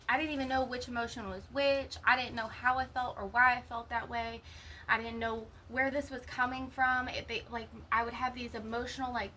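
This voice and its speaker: Woman, bright and forceful tone, profane and emotional, personal confessional monologue. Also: sits high, a little hiss or hum, low-quality recording. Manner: raw, profane, emotional storytelling. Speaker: vlogger sharing a personal story.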